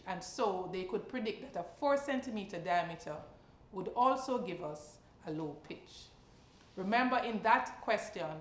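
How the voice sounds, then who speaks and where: A woman teacher at a middle pitch talks through a science practice question one step at a time. She keeps asking her listeners short checking questions as she goes. Her voice carries a clear echo from the room. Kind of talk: exam practice lesson.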